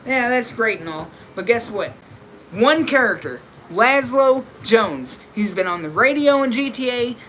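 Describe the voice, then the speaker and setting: A man's voice: extremely high pitch, fairly bright tone, a little hiss or hum, poor audio. A man streaming live, talking to his audience in a loose, rambling, crude way. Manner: rambling, crude, laid-back. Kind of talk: casual live-stream chat.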